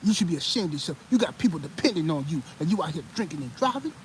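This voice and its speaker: A man doing an impression of a preachy male TV sports pundit, by turns measured and scolding. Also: a little high, slight background noise, lightly acted, low-quality recording. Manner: measured and calm, then loud and scolding.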